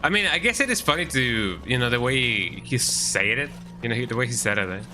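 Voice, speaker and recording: A man's voice: mid-range voice, expressive, brisk, background noise. A man streaming a video game, chatting casually in a rambling way and tagging lines with "eh". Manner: rambling, frequent "eh" tag. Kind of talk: casual gameplay commentary.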